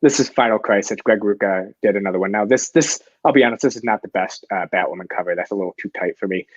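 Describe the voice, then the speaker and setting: A man's voice: lowish voice, fast talker, husky, dry recording. Eager, rambling man on a comics talk show. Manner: enthusiastic, rambling with restarts. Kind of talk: casual chat. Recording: dry, dull lo-fi sound.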